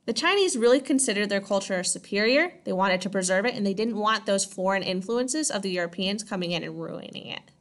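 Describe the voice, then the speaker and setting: A woman's voice: mid-range voice, lively intonation, brisk, a bit bright. Chatty woman teaching history. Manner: chatty, checks in with 'right?' and 'okay?'. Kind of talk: casual classroom lecture.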